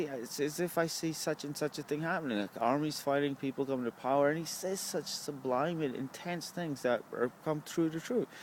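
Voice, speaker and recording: A man's voice: fairly high pitch, a little hiss or hum. A young man, rambling to the camera at a bus stop, swearing often and asking "right?" a lot. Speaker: vlogger.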